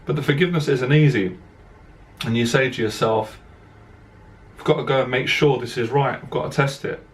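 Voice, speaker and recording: A man's voice: mid-range voice, moderate pace. A man, a dating coach, telling a personal story to camera in an earnest, direct way, repeating himself as emotion catches in his voice.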